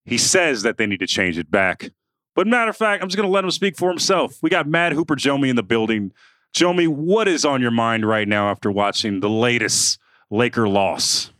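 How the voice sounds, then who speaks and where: A man's voice: medium pitch, expressive, normal speed, fairly bright tone, no echo, clean studio sound. A man co-hosting a sports podcast, chatting casually and playfully and hyping up a segment. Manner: playful, joking, hypes up a segment. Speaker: podcast co-host. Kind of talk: casual chat.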